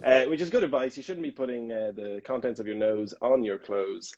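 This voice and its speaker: A man's voice: mid-range voice, fairly quick, a little mellow, muffled recording. A man hosting a casual interview chat, rambling and playful with many restarts. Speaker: podcast host. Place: Amsterdam.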